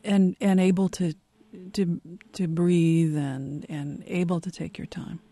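A woman interviewing a guest, calm and reflective, speaking in a measured way. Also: fairly low pitch. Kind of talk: interview conversation.

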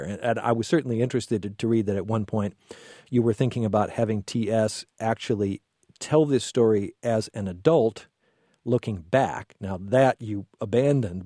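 A man hosting an interview, asking his questions in a measured, deliberate way. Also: medium pitch, mellow, husky, dry recording, studio quality. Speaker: interview host.

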